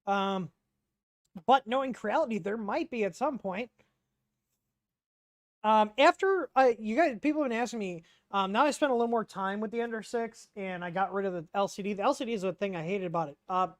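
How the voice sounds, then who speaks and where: A man's voice: high voice, dry recording, clean studio sound. A man hosting a casual livestream Q&A, rambling and chatty, reading out chat questions with lots of ums.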